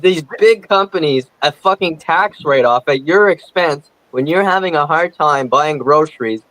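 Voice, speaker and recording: A man rants with plenty of swearing on a comedy podcast. His voice sits a little higher than most men's, and his delivery is indignant and steady. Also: normal speed, no echo, poor audio. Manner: profane, indignant ranting. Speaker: podcast co-host. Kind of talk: casual comedy podcast rant.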